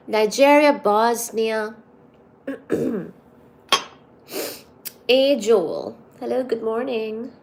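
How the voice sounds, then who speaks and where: Woman host, casual livestream chat, very slow unhurried delivery, slightly high voice. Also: lively intonation. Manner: slow, drawn-out greetings reading out viewer names. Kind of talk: casual livestream greetings to viewers.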